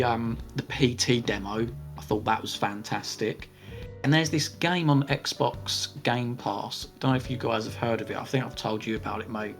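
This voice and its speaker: A man co-hosting a podcast, answering listener questions in a measured, hedging way as he thinks aloud. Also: mid-range voice. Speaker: podcast co-host. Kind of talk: casual Q&A chat.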